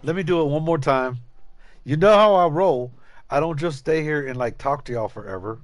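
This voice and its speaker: A man's voice: a little high, normal speed, no echo, faint music behind. A man chatting casually and profanely to viewers while streaming a game, rambling and joking. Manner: loose and profane, rambling, jokey. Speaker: gaming streamer. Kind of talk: casual live-stream chat.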